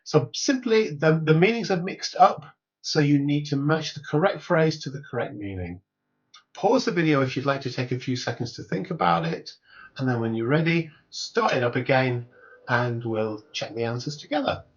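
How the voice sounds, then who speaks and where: A man teaching workplace English, explaining each phrase clearly and repeating the examples slowly. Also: medium pitch, animated, muffled recording. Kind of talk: recorded English lesson.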